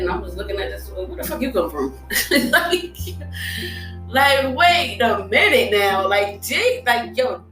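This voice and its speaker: A woman's voice: mid-range voice, a bit bright. A young woman telling a candid personal story, bluntly and emotionally, swearing and laughing often. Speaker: storytelling host. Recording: echoey room, voice far from mic.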